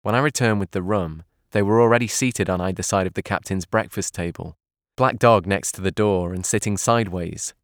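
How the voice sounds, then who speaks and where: Deep-voiced male audiobook narrator. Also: dry recording, clean studio sound. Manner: calm, measured reading.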